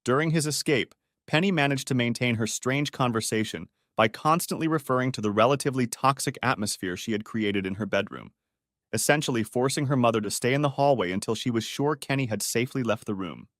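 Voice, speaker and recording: A man's voice: medium pitch, a little fast, fairly bright tone, no echo, studio quality. A man narrating a scripted story, reading steadily and voicing every character himself.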